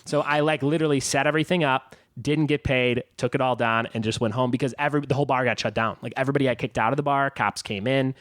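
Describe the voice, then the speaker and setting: A man's voice: medium pitch, fairly even intonation, fast talker, hardly any pauses, a bit bright, no room sound, studio quality. A man hosting a trivia podcast, telling stories in a rambling way with lots of fillers. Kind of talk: casual chat.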